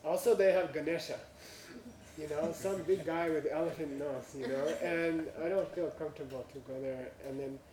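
A man's voice: fairly high pitch, steady tone, normal speed, crowd noise. A man telling an anecdote to an audience in non-native English, chuckling through his punchlines. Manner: chuckles through punchlines, with frequent "you know" and "uh". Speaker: speaker telling a story to an audience. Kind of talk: anecdotal storytelling talk. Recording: roomy, from a distance.

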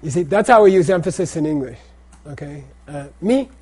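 A man's voice: fairly high pitch, fairly quick, mellow, husky. A man teaching a language class, drilling pronunciation by saying words and having students repeat them.

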